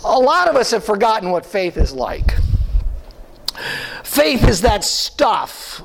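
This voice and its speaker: A man preaching a sermon as pastor, animated and full of rhetorical questions and asides to the congregation. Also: high voice, takes it slowly, vocal fry, long pauses. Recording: long hall reverb.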